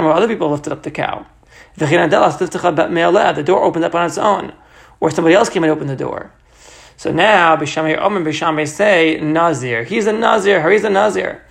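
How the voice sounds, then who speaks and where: Reading a Mishnah passage, a Talmud teacher voices each Hebrew phrase and then explains it in English, frequently adding "right?" to check in. He has a slightly high, gravelly voice.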